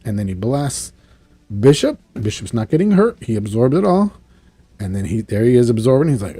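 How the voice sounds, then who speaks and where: A show reviewer with a husky, medium-pitched voice talks a little fast as he recaps a cartoon episode, with no room sound. It's casual and rambling, with animated storytelling, characters' lines acted out, and chuckles at asides.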